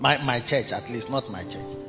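A man's voice: mid-range voice, moderate pace, creaky, long reverb tail, highs cut off, music in the background. A man preaching a sermon as a pastor, dramatic and acting out the voices of others. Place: large church hall.

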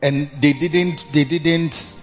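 Male preacher, sermon, slow deliberate delivery, long church-hall reverb. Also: fairly even intonation, muffled recording, faint music behind. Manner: reads scripture in slow, drawn-out King James cadence; rises in pitch when repeating phrases for emphasis.

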